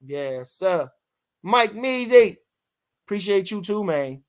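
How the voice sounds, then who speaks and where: A man's voice: high voice, animated, slow. An older man, hosting a casual live boxing stream in a rambling way, full of fillers, reading out chat comments. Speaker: podcast host.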